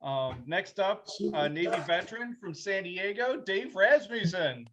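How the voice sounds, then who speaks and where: A man's voice: high-pitched, animated, measured pace, a bit bright, highs cut off, a little hiss or hum. Casual man emceeing a comedy show. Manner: casual, with filler um and uh. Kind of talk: introducing acts.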